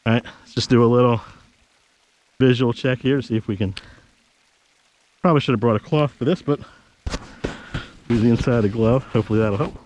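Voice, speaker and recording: A hiking vlogger, a man, casually narrates on a snowy outdoor trail, chatting to his action camera and giving his dog firm commands. His voice is medium-pitched and darkish, a little fast with frequent pauses, and the recording quality is low.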